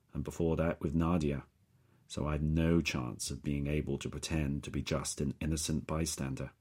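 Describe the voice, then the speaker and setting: Very deep, husky male narrator. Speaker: audiobook narrator. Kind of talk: first-person thriller narration.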